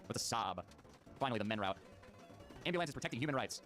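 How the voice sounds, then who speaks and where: A man's voice: mid-range voice, expressive, fast talker. A man hosting a gaming channel, giving jokey, profane let's-play commentary and laughing often. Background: game music.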